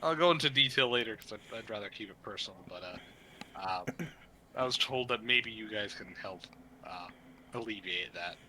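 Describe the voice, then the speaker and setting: A man's voice: lowish voice, normal speed, sharp tone, slight background noise. A man voicing a small, friendly young woman adventurer who rambles eagerly with many fillers.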